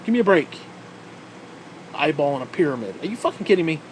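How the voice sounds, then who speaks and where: A man's voice: fairly high pitch, very animated, fast talker, a little hiss or hum. A man delivering an angry, profanity-laden rant to camera, sarcastic and swearing constantly. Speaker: vlogger. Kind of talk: profane ranting monologue.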